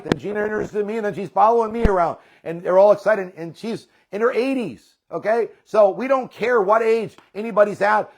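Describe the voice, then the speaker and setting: A man leading a network marketing team, giving a fired-up, rambling motivational talk that repeats itself. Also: high-pitched.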